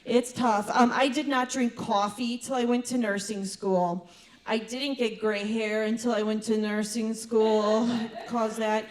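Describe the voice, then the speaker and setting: A middle-aged woman performing a stand-up comedy set in a fairly high voice. She talks in a chatty way with quick asides and often laughs at her own jokes. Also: fairly even intonation.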